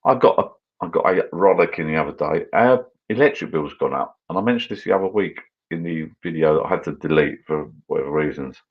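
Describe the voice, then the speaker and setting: A man's voice: very deep voice, brisk, muffled recording. A British man hosting a casual live stream, chatting loosely and reading viewer comments aloud as he drinks. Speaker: channel host.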